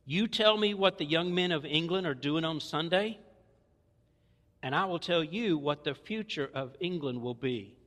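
A man's voice: mid-range voice, fairly bright tone, long reverb tail. A man with a Southern US accent preaching a sermon, folksy and conversational with playful asides. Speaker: pastor. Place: church.

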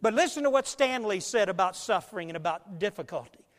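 A man preaching a sermon as pastor, emphatic, swinging between loud and quiet, speeding up and slowing down. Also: high voice, expressive, in a large hall. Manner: emphatic preaching with big swings in loudness and pace.

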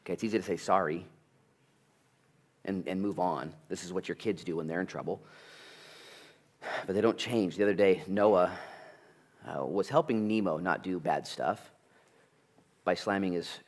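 A middle-aged man delivers a sermon from the pulpit, his voice sitting on the low side. He preaches in a lively, storytelling way and slips into acted-out dialogue from his family life. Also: normal speed, long pauses. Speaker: pastor.

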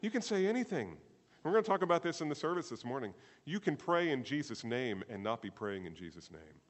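Animated male pastor in a reverberant hall. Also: mid-range voice, fairly quick. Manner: animated, rhetorical questions, swings from loud emphasis to quiet. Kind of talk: sermon. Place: church service.

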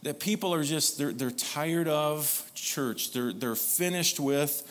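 A man's voice: a little high, slow. Guy pastor preaching a sermon, keeps asking the crowd to say it back. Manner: call-and-response with the congregation.

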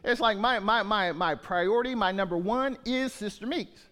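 A man's voice: high-pitched, moderate pace, bright, forceful tone. A man in his sixties, a pastor, preaching a conversational sermon full of restarts and repeated words. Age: 60s.

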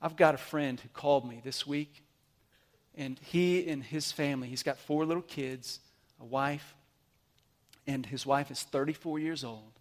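A man preaching a sermon, animated, swinging between loud emphatic bursts and quiet asides. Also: mid-range voice, a little slow. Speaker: pastor.

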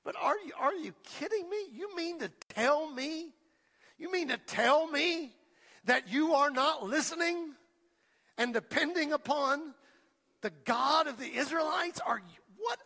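A preacher voicing the teenage shepherd David, asking exasperated, rising questions during a sermon. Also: male voice, very high-pitched, big pitch swings, slow pace, pushed and bright, pitched above the performer's own voice, full character voice. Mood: incredulous. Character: young shepherd David, teenage boy, bold and incredulous. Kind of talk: sermon storytelling. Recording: long reverb of a large hall.

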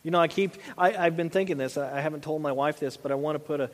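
High-voiced pastor in a reverberant church. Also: male voice, fast talker. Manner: conversational, with frequent asides and restarts. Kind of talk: sermon.

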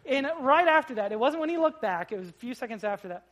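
Animated male pastor telling a story. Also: high voice, fast talker, hardly any pauses. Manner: storytelling with big swings from hushed to loud. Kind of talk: sermon.

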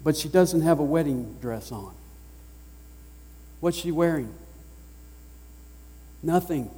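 A man with a Southern US accent preaching a sermon as pastor, emphatic, swinging between loud declarations and hushed lines. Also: on the high side, lively intonation, slow, slightly rough. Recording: long reverb of a large hall.

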